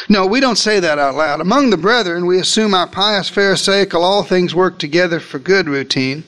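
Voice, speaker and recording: A man's voice: animated, normal speed, a bit bright. A man preaching a theatrical sermon, retelling a story as if he were there and speaking directly to his listeners. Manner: theatrical, shifts pitch and pace for emphasis. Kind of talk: dramatic first-person sermon storytelling.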